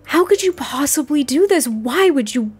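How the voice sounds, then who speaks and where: A woman's voice: medium pitch, animated, normal speed, soft background music. A woman voicing an overwhelmed young mother who stammers and asks questions in disbelief. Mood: indignant. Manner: stammering, raised and exasperated.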